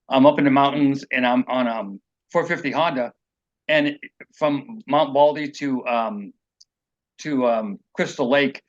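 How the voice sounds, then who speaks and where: A man's voice: medium pitch, dull audio. A man being interviewed as an author, telling personal stories in a rambling, earnest way and acting out what people said. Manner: rambling, earnest, acts out quotes.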